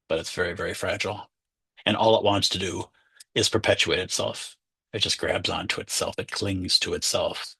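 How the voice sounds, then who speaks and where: A man's voice: on the low side, animated, brisk, gravelly, pushed and bright, husky, no echo. A man, a Zen teacher, giving a conversational dharma talk and acting out inner voices.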